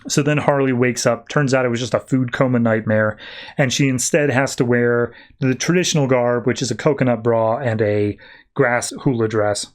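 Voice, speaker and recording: Man, podcast host, casual comic recap, mid-pitched, animated quoting. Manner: animated retelling with quick put-on character voices.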